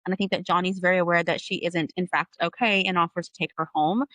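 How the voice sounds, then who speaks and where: A woman walking through a book's plot at a fast clip, her voice bright and a little tense. She leans on fillers as she goes. The recording is close and dry. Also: lowish voice, fairly even intonation, no room sound. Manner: quick recap with many fillers like "like" and "you know". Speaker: podcast co-host. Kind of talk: casual book recap.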